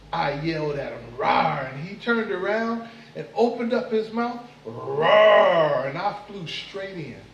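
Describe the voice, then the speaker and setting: A man voicing a swaggering male moth bragging about a wild tale, animated with growled sound effects. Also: high voice, lo-fi sound, a little hiss or hum, natural voice. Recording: echoey room, mic far off.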